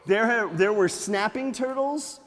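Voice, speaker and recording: A man working as a nature museum storyteller, telling an animated, playful tale to children with sound effects. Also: high-pitched, unhurried. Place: library room. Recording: echoey hall.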